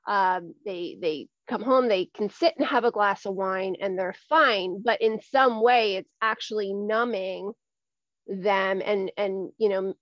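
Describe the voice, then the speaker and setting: A woman's voice: mid-range voice, a little slow, no room sound. Candid woman guest on dull lo-fi audio. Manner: earnest, repeats words as she thinks. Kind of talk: candid conversational interview. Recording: dull lo-fi recording.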